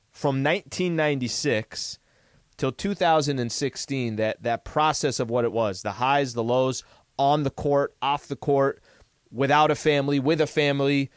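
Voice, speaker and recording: A man's voice: medium pitch, no room sound, clean studio sound. A man co-hosting a sports radio show with an American accent, speaking reflectively with small restarts. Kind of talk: casual sports talk.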